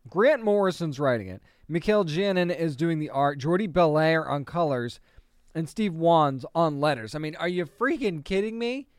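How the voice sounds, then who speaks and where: A man's voice: on the high side, expressive, moderate pace, clean tone, dry recording, studio quality. A man chatting casually and enthusiastically as he reviews comic books, often restarting his sentences and laughing a little.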